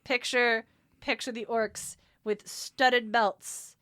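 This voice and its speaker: A woman's voice: a little high, fairly even intonation, takes it slowly, a bit bright, no echo, clean studio sound. A woman co-hosting a casual podcast, playful and joking, breaking into silly asides. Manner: playful, jokey asides and goofy voices. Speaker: podcast co-host. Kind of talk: casual chat.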